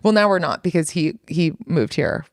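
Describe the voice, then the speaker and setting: A woman's voice: sits low, animated, normal speed, no room sound, studio quality. A woman, a guest author, chatting casually on a podcast in a rambling way, laughing often and using lots of fillers. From United States.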